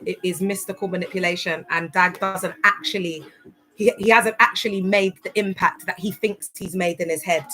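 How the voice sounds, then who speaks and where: A woman's voice: medium pitch, low-quality recording. A woman hosting a casual livestream, talking emphatically and greeting viewers as she goes. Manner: animated, emphatic, chatty, greets viewers by name. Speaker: livestream host.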